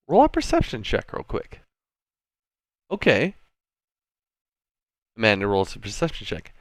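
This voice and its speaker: A man's voice: medium pitch, dry recording. A man as game master, enthusiastically explaining a tabletop game setup. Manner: animated, enthusiastic, expressive.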